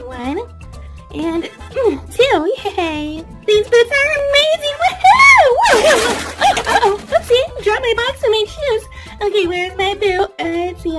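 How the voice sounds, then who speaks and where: Woman voicing a squealing, bossy toy doll. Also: extremely high pitch. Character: bubbly self-absorbed young woman doll.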